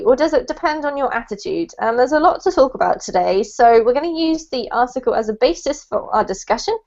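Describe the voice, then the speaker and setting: A woman teaching an online English class in a chatty, encouraging way, with frequent laughs. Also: high-pitched. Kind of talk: casual teaching chat on a video call. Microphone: video call. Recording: muffled video-call audio.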